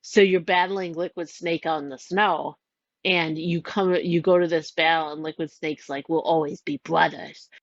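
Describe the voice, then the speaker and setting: A woman's voice: on the low side, fairly even intonation, normal speed, no room sound, dull audio. A woman casually retelling a game's plot, rambling and giggly, full of "like" and little voices for the characters. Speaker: storyteller recounting a game plot.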